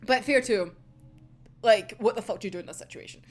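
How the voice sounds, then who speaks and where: With a fairly high voice and a quick pace, a young adult Scottish woman reviews an anime episode in casual conversation. She laughs often and swears freely.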